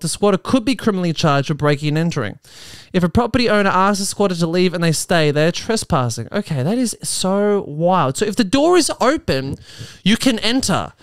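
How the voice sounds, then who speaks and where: Recording from his apartment with no room sound, a podcast host reads articles aloud in a smooth, high-pitched voice. He riffs on them jokily and with plenty of animation, slipping into mock voices along the way.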